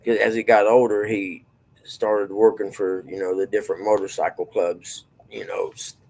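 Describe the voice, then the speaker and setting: A man's voice: fairly low pitch, flat delivery, normal speed, a little mellow, rough recording. A middle-aged man, telling long rambling stories in a folksy, drawling casual chat.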